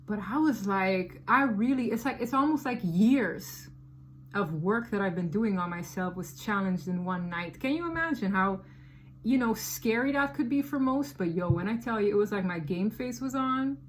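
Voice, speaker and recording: A woman giving a casual tarot reading, talking in an animated, slangy and emphatic way. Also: mid-range voice, normal speed, slight background noise. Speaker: tarot reader.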